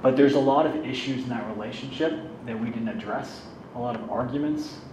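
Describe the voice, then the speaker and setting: Guy telling his own story, joking at himself, mic kinda far off, clear background noise. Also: medium pitch, a little fast, darkish tone, roomy sound. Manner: candid, self-deprecating, conversational. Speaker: speaker sharing his recovery story. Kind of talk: personal storytelling talk.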